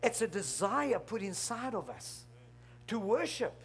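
High-voiced, lively preacher man. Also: unhurried, slight background noise. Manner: emphatic, animated storytelling with repeated "hello?". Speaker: pastor. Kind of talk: sermon.

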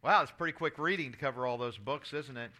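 A man's voice: medium pitch, fast, bright, forceful tone. A man in his sixties preaching a sermon, telling stories and reading scripture aloud in an earnest way. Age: 60s. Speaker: pastor.

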